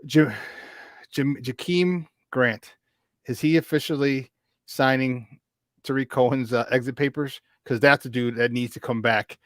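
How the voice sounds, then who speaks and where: A man hosting a casual sports talk show, telling stories in an excitable, animated way. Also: mid-range voice, measured pace, no echo. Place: remote virtual studio.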